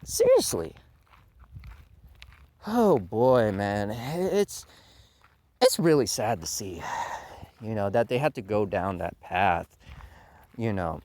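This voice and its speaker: A man's voice: lowish voice, expressive, slow pace, long pauses, darkish tone. A man hosting a commentary channel, delivering a heated, profane rant and mocking his critics in put-on voices. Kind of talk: ranting commentary monologue.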